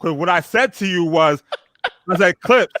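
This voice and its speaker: A man's voice: high voice, normal speed, pushed and bright, no echo. Brash profane man in a dry room. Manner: profane, emphatic, repeats himself, talks over others. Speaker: podcast co-host. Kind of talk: casual group chat.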